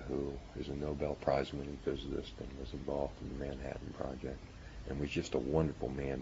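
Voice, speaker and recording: Older man, very deep voice, fry in it, reminiscing, chuckling, dull recording. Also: slight background noise. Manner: warm storytelling with chuckles. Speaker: physicist recalling graduate school. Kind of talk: reminiscing interview.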